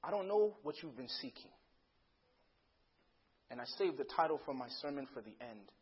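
A man preaching a sermon, swinging between loud dramatic bursts and hushed passages, and acting out the voices in a story. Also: a little high, big pitch swings, moderate pace, husky, muffled recording.

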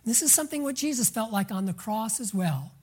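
A woman preaching a sermon, moving between soft, near-whispered lines and loud emphasis, and drawing out words slowly to stress them. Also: fairly high pitch, animated, breathy edge. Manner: slow, drawn-out words for emphasis.

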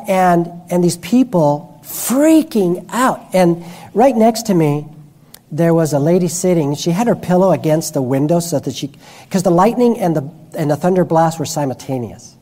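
A man's voice: sits high, expressive, normal speed, dark tone. A man preaching a sermon who tells personal stories with frequent restarts and self-corrections.

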